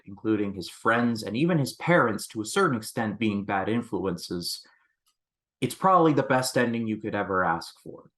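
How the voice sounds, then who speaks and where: Chatty man reviewing a movie. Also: fairly low pitch. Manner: chatty and expressive, with frequent "like"s and restarts. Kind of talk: casual movie review vlog.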